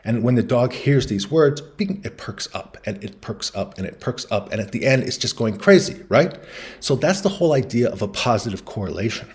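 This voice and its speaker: A man explaining business concepts in a relaxed lecture, talking through slides and acting out quoted voices in his anecdotes. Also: medium pitch, fairly quick. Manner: casual storytelling, acts out quoted voices.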